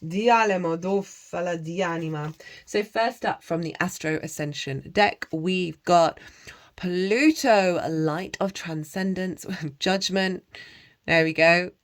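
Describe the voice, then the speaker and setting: A woman's voice: lowish voice, takes it slowly. Woman tarot reader with chanted interludes. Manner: breaks into chanted made-up syllables; chatty, encouraging, with frequent laughs. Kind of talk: casual tarot reading to camera.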